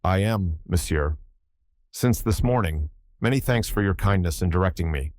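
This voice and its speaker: A man's voice: sits low, animated, moderate pace, a little mellow, dry recording, clean studio sound. A male narrator voicing a foppish foreign man in his thirties, speaking with a marked foreign accent and over-polite, evasive manners. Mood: politely evasive. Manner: overly polite, feigning confusion.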